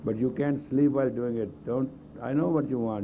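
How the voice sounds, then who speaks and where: A man's voice: medium pitch, fairly even intonation, moderate pace, noisy background. Blunt man coaxing a class on old tape. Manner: blunt, coaxing commands with non-native English grammar. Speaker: meditation teacher. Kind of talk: leading a live group exercise class. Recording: tinny lo-fi 1980s tape of a live talk.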